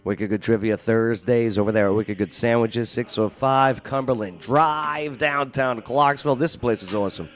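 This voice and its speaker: A man's voice: mid-range voice, moderate pace, few pauses, faint music behind. A man co-hosting a talk show, joking and teasing while reading ads. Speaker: radio show co-host. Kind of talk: casual banter and ad reads.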